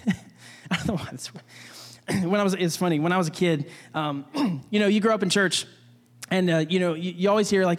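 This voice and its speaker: A man's voice: high voice, brisk, in a large hall. A young man preaching a casual sermon, talking conversationally with restarts and jokey asides. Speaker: pastor.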